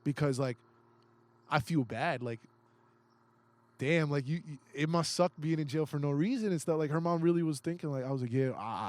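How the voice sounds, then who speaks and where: A young man with a somewhat high voice tells a story as a podcast guest, swearing freely and acting out what each person said. He restarts his sentences as he gets worked up. The room sounds dry and close. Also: moderate pace, no echo. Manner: profane, acts out quoted voices; excitable, restarts often. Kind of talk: casual storytelling. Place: indoors, podcast recording.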